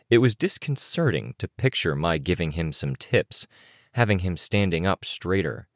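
A man narrating a novel as an audiobook in a deep, low voice. His reading is measured but animated, with lots of rise and fall. The recording is dry and close. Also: dry recording.

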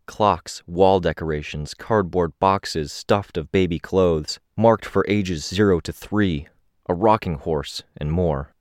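A man narrating a first-person story in a steady, descriptive reading. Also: low voice, no room sound, clean studio sound. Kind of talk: audiobook narration.

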